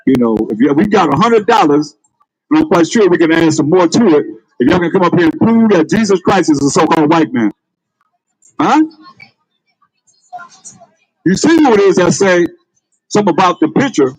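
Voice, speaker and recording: A man's voice: fairly high pitch, very animated, normal speed, pauses often, darkish tone, husky, no echo, faint music behind, poor audio. A man preaching on the street, calling out to passers-by with emphatic, laughing delivery. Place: outdoors on a street.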